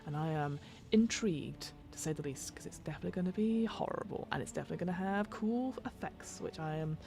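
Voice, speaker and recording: A British woman hosts a podcast, reading from a rulebook and wandering off into tangents as she restarts her sentences. Her voice sits low and carries a gravelly fry. A little music plays faintly underneath. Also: fast, darkish tone. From United Kingdom. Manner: rambling, self-interrupting, tangents. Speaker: podcast host and game master. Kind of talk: reading a rulebook aloud with chatty asides.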